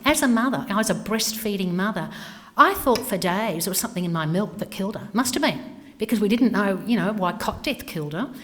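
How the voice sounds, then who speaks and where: A woman's voice: medium pitch, expressive, normal speed. A middle-aged woman giving a candid personal talk, her voice falling to whispers for emphasis. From Australia. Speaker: speaker. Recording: hall with long reverb.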